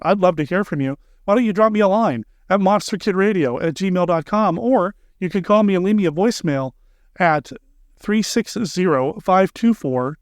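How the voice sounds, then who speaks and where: A man's voice: sits high, no room sound. A man hosting a podcast, giving friendly thank-yous and announcements into a close microphone. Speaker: podcast host.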